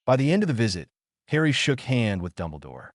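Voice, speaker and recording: A man narrating a fan-fiction story in a lively storytelling manner. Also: mid-range voice, fairly quick, dry recording, studio quality.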